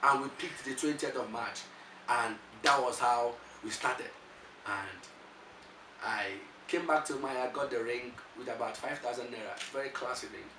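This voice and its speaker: A Nigerian-accented male preacher tells his story with lively, animated energy, stumbling and repeating words as he goes. His voice sits at an ordinary middle pitch and is picked up from a distance in a reverberant room, with a faint hiss of background noise underneath. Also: normal speed. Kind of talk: motivational testimony. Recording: echoey room, voice from far off.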